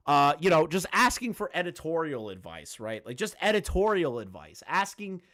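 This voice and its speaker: A man's voice: fairly high pitch, big pitch swings, moderate pace, sharp tone. A man hosting a casual commentary video, ranting to his chat in a profane, sarcastic and exasperated way.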